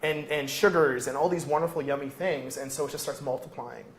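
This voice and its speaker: A man's voice: medium pitch, fairly quick, roomy sound, a crowd in the background. A man, the show's executive producer, debates health topics on a live stream and explains things in a jokey, rambling way.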